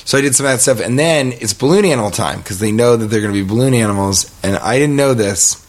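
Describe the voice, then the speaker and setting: On a podcast, a middle-aged male host spins a rambling, funny story at a quick clip in a mid-range voice. He's animated and acts out each quote as casual comedic storytelling.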